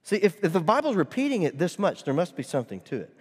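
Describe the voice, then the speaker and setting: A man's voice: high-pitched, big pitch swings, fast talker, husky. Man preaching in an echoing hall. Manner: preaching with rising, emphatic bursts and humorous asides. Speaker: pastor. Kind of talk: sermon. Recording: long hall reverb.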